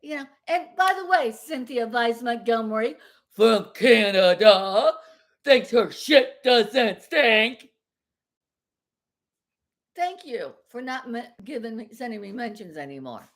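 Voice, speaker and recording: Heated, high-voiced woman ranting on a vlog. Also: lively intonation, normal speed. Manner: heated and blunt, with mild swearing; rambling and repetitive. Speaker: vlogger. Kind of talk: casual vlog rant. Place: at home.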